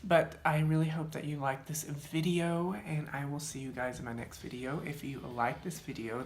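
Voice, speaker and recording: A young man talking casually to the camera while doing his makeup, rambling and chatty, with lots of "like" fillers. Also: mid-range voice. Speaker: beauty vlogger. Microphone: camera mic, seated in front of the camera. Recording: echoey room with faint music.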